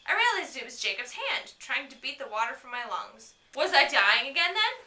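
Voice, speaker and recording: A woman's voice: sits high, very animated, a little fast, sharp tone, recorded from a distance. A woman reading a novel aloud in a casual way, breaking off for giggly, chatty asides, recorded in an echoey room away from the mic. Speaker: reader. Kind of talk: casual read-aloud with commentary.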